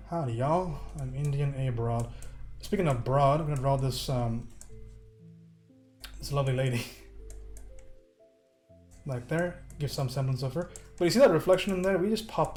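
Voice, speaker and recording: This American man has a fairly high, darkish-toned voice. He's live-streaming a relaxed digital painting tutorial, cracking jokes and talking to his chat while he works.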